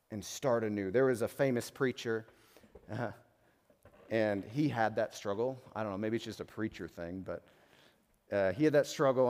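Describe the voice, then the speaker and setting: A young adult man preaching a sermon as a pastor, passionate, swinging between loud bursts and quiet reflective moments. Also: medium pitch. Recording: long hall reverb.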